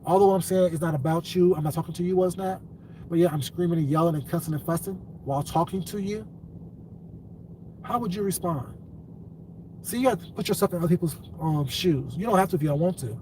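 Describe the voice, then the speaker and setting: A man ranting to his live-stream viewers lectures bluntly at length before breaking into angry swearing. His voice is slightly high and dark-toned, his pace a little quick, and the mic is somewhat distant, picking up faint ambient noise.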